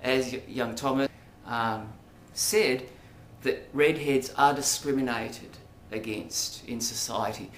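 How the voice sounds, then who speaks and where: An Australian man talks through a casual monologue to camera, rambling and hesitant, with frequent ums and asides. His voice sits at an ordinary middle pitch. The room around him is echoey, with a faint hiss behind. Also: slow, few pauses, a bit bright. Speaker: vlogger. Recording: roomy echo, faint background noise.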